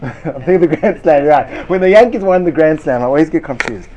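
Guy giving a torah class, kinda high voice, sarcastic, laughs a lot. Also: brisk, a little hiss or hum. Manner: animated, sarcastic, laughing at his own points. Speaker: Torah teacher.

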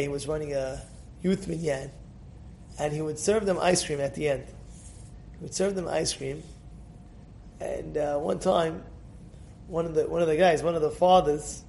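A rabbi teaching an informal class. He repeats himself often, and he swings from quiet storytelling to loud, emphatic outbursts. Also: fairly high pitch, creaky, a little hiss or hum. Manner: animated and emphatic, repeats words and phrases. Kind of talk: informal Torah lesson.

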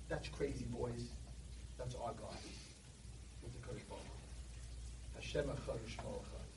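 A man giving an animated sermon to boys, telling stories, recorded in an echoey hall from a distance. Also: fairly high pitch, normal speed, noisy background. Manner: animated, storytelling. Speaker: speaker addressing boys.

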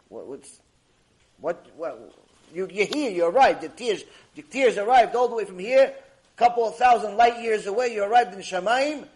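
A man giving a mussar lesson on Jewish ethics, animated and acting out little dialogues, reading Hebrew passages quickly. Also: high-pitched. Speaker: Torah teacher. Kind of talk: mussar lecture.

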